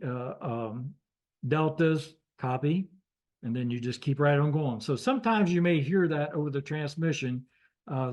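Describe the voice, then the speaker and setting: A man teaching a basic radio class, talking through it with many pauses, fillers and restarts. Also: fairly high pitch, a little mellow. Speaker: radio training instructor. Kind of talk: classroom lecture.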